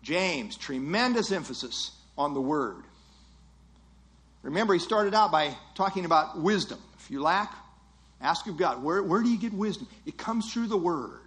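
A man's voice: on the high side, lively intonation, normal speed, fairly bright tone. A man preaching a sermon, teaching earnestly and emphatically, acting out imagined listeners' thoughts.

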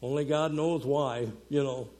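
Mellow-voiced man giving a chatty sermon. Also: mid-range voice, steady tone, a little slow. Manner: folksy, chatty preaching with fillers and chuckles. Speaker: conference speaker. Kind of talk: conversational sermon.

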